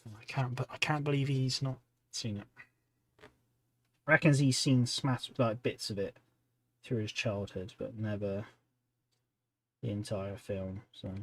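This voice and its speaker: This man's voice is lowish, a little slow, and full of frequent pauses. He's hosting a hobby stream from home, painting miniatures and chatting loosely with his viewers in between tasks.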